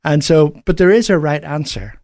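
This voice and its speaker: A man's voice: on the high side, expressive, moderate pace, darkish tone, no room sound, clean studio sound. A man with an Irish accent, a guest on a radio show, talking earnestly and rambling a little, restarting his sentences. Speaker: guest, men's radio program presenter. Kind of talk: casual radio interview. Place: radio studio.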